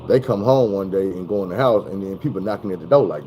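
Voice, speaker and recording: A man's voice: deep voice, quick pace, slight background noise, low-quality recording. Man from telling a story. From Arkansas. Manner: animated, profane, conversational. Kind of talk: casual storytelling.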